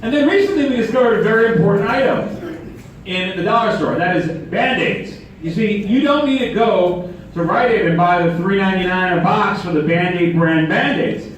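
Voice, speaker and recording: A rabbi delivers a sermon, telling a story with humor and rhetorical questions. His voice sits high and animated at normal speed, picked up by a distant mic in an echoey hall with faint noise.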